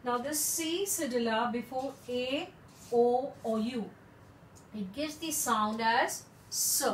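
A woman teaching French in a lesson, explaining slowly and repeating words for practice. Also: fairly high pitch, roomy sound, recorded from a distance, slight background noise, low-quality recording.

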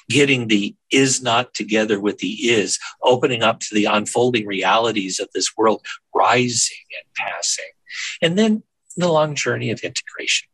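An older man, a Zen teacher and minister, giving a measured, contemplative spiritual reading with frequent fillers. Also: on the low side, a bit bright, breathy edge, dry recording, poor audio.

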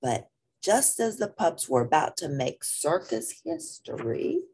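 A woman reading a children's picture book aloud in an expressive, playful way. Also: low voice, measured pace. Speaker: storybook reader.

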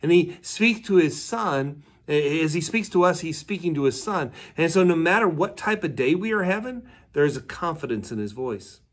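A man's voice: on the high side, animated, moderate pace, few pauses. A man, a pastor, giving a midweek devotional sermon in a conversational storytelling way and asking his listeners questions.

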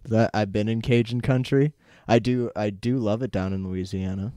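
A man co-hosting a podcast in casual chat, hesitant and quick to laugh. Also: fairly low pitch, fairly even intonation, warm tone, no room sound, studio quality. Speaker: podcast co-host.

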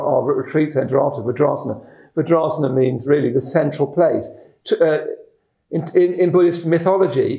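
Rambling teacher, echoey room. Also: male voice, on the high side, warm tone. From West Midlands, England. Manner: rambling, self-deprecating, with frequent fillers and restarts. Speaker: Buddhist teacher. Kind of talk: dharma talk.

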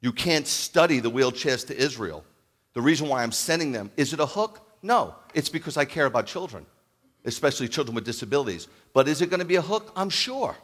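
A man preaching a sermon as a rabbi, animated, acting out loud calls and then dropping to a hushed voice. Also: medium pitch, fairly quick. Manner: animated, acts out calls and shouts, then drops to near-whisper. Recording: long hall reverb.

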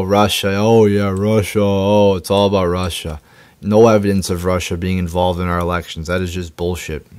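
A man ranting angrily about politics, swearing often and stumbling over his words with repeated restarts. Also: low-pitched. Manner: profane, stammering, indignant. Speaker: political commentator. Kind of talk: angry political rant.

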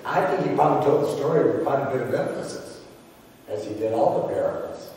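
Pastor guy preaching, slow and emphatic storytelling, far off mic in a big echoey church. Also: mid-range voice, a little mellow, a little hiss or hum. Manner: storytelling, emphatic, with dramatic pauses. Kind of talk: sermon. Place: large church sanctuary.

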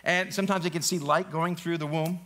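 Man, pastor, high voice, live church sermon, casual and joking, asks the congregation questions. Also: steady tone, fairly quick, sharp tone. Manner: conversational, joking, quizzes the congregation. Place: church sanctuary, live service.

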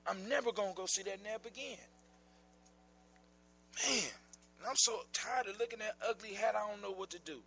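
A man's voice: high voice, moderate pace, gravelly, long pauses, sharp tone, breathy edge, voice pushed up, heavily acted. A man voicing a haughty young princess in a raised, pleading voice. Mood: weary.

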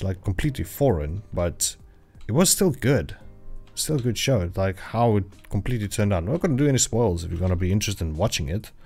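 A man's voice: fairly low pitch, darkish tone. A man chatting casually while livestreaming a survival game, rambling with lots of fillers and self-corrections. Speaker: livestreaming gamer. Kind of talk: casual gameplay livestream chat. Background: royalty-free background music.

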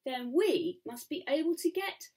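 A woman's voice: high-pitched, unhurried, voice pushed up. A woman doing an eager little boy hero. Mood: thoughtful. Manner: eager, excitable questions. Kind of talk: storybook read-aloud.

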